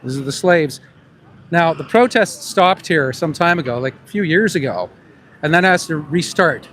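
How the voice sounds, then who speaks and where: Man, street interviewer, slightly high voice, calls out to passersby, outdoors by busy traffic, faint background noise. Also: lively intonation, moderate pace, fairly bright tone. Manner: calling out questions to passersby. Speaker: street interviewer and animal rights activist. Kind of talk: street vox-pop vlog.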